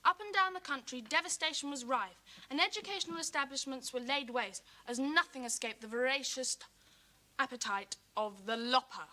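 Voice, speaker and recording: An actress playing a pupil who compères a school revue in a grandiose showbiz manner. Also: female voice, high-pitched, normal speed, sharp tone. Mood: announcing. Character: pupil girl compering a school revue, theatrical. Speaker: compere of a school show. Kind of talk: 1980s TV drama acting.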